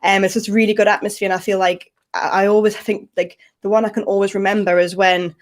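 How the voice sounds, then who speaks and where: A giggly, chatty woman co-hosting a relaxed football talk show. She rambles happily with plenty of "like" and "obviously" fillers. She often laughs along with her co-host. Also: mid-range voice, quick pace. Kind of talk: casual chat.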